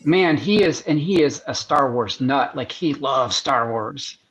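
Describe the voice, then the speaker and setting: A man's voice: mid-range voice, measured pace, fairly bright tone, rough recording. A man talking as a guest artist in a casual interview, enthusiastic and rambling with many restarts, heard over a video call.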